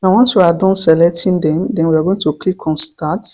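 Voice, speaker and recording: Tutorial host talking thru steps, mellow tone, keeps restarting, slows down to spell out prompts. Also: mid-range voice, steady tone, low-quality recording. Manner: step-by-step instructions with frequent restarts, slowing to dictate prompts. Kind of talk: screen-recorded tutorial voice-over.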